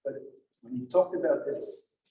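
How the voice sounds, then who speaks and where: A man's voice: medium pitch, unhurried, mellow. A man, a rabbi, explaining liturgical lament poems in an earnest, emotional storytelling manner in a synagogue sanctuary. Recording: very echoey hall from far off.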